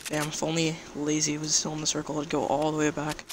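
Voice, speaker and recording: Guy narrating his own match, voice sits a bit high, swears a lot when surprised, steady hiss behind him. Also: fast talker. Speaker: gaming YouTuber. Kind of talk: live gameplay commentary. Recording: steady background noise under the voice.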